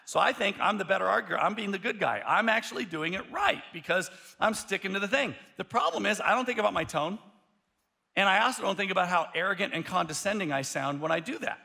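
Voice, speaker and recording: A male pastor preaching a sermon, telling a story in an animated way, often restarting his sentences. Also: high voice, fast talker, gravelly.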